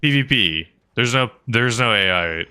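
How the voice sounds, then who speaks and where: This game streamer and helicopter pilot has a smooth, mid-range voice with a sharp tone, animated yet unhurried. On his gaming livestream he chats casually, rambles with many fillers and reads chat messages out loud.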